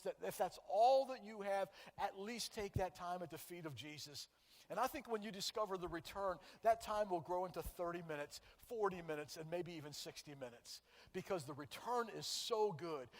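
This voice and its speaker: A man preaching as pastor, earnest and conversational, sometimes dropping to a soft prayerful tone. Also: high-pitched. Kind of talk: sermon. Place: church sanctuary. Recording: church hall with long reverb.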